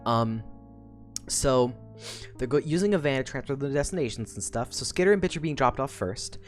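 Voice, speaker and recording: A woman's voice: very deep voice, lively intonation, normal speed, soft background music. A woman streamer chatting casually through a book recap, swearing freely and rambling with fillers.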